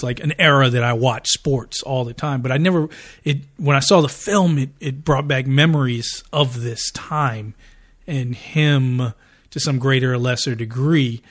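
A middle-aged man co-hosting a podcast in casual chat, a rambling storyteller who gets animated and laughs often. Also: mid-range voice. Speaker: podcast co-host.

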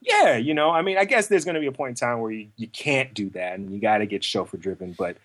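A relaxed man in conversation, his voice sitting in an ordinary middle pitch, telling stories with lively animation and popping up into higher put-on voices when he quotes people. He sounds easygoing and chatty, full of casual fillers. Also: fast. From lived in New York. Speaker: actor guest. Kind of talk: casual interview storytelling.

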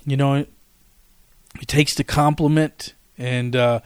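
A man's voice: mid-range voice, takes it slowly, smooth, no room sound, studio quality. A man hosting a solo podcast, telling a rambling story with lots of restarts and asides. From Washington, D.C. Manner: rambling, repeats himself, animated storyteller. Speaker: podcast host.

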